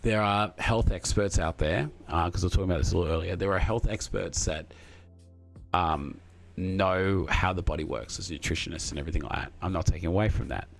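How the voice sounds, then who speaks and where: A rambling, friendly man chatting casually with his viewers. His voice sits a little low, and his talk is full of fillers and restarts. Faint music plays behind him. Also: a little fast, creaky. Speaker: streamer reading chat. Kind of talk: casual live chat.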